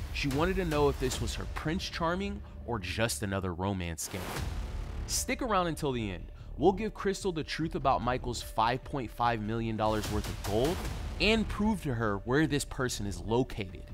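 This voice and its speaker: A man's voice: medium pitch, big pitch swings, moderate pace, soft background music. A man hosting and narrating a show in a scripted, upbeat way, addressing the viewers directly.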